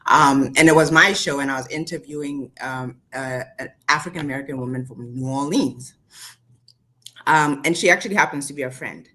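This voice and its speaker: A woman speaking as a panelist in a talk show, measured and hesitant with many ums. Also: low voice, bright, forceful tone. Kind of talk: casual panel discussion.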